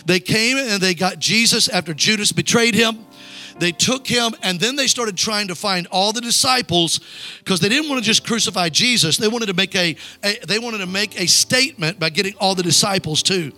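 Guy preaching a sermon, bright voice, soft music under it. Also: sits high, normal speed. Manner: urges the crowd to read aloud. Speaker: evangelist.

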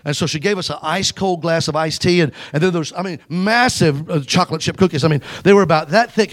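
Emphatic preacher, fairly high male voice. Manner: exhorting the congregation to call back; emphatic, animated storytelling. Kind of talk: storytelling sermon.

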